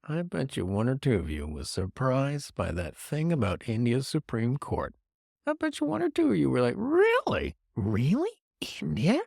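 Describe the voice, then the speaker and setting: A man's voice: on the low side, no room sound, studio quality. A man hosting a podcast, rambling and joking in a self-deprecating way through good-news stories. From Canada. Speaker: podcast host. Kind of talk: casual comedic news talk. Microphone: podcast microphone.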